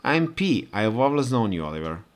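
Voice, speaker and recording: A man voicing a small, mysterious guide creature in a soft, simple, lilting way, for a game. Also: medium pitch, sing-song, normal speed, slight background noise, natural voice. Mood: gentle.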